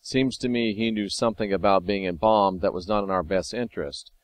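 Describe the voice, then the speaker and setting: Low-voiced man in a casual video monologue. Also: fairly quick, no echo. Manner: conversational, wry, sometimes excited. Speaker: video host. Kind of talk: casual monologue reading scripture.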